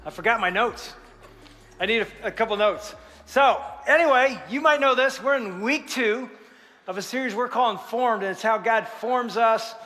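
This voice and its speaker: Faint music plays behind a pastor whose very high-pitched voice moves at a normal speed, echoing with a big-room sound. Preaching in a large church, he tells lively stories and trades jokes with the congregation.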